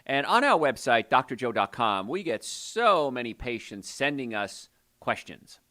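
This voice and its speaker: A man hosting a call-in health show as a doctor, talking in an energetic, folksy, salesy way. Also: medium pitch, a little slow. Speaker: radio show host and doctor. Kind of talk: call-in health radio talk.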